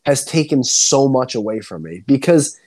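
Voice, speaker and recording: A young man from New Jersey rants on a casual podcast, swearing freely and getting worked up. His talk is loose and animated, full of restarts. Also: mid-range voice, moderate pace. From Central New Jersey. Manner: animated, swears a lot, ranting. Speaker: podcast co-host. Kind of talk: casual chat.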